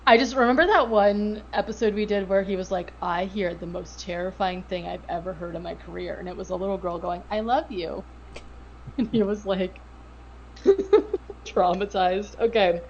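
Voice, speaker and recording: A woman co-hosting a podcast, recapping a show in casual chat with profane, sarcastic, animated retelling. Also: mid-range voice, normal speed, muffled recording, slight background noise. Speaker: podcast co-host.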